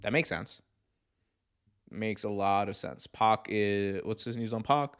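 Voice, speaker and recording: A man hosting a wrestling podcast, chatting casually and excitedly, laughing often. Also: lowish voice, unhurried, clean tone. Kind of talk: casual chat.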